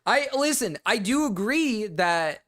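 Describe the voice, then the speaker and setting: A man's voice: sits high, big pitch swings, takes it slowly, fairly bright tone. A man streaming live, reacting to online drama with heated, profane ranting and frequent restarts.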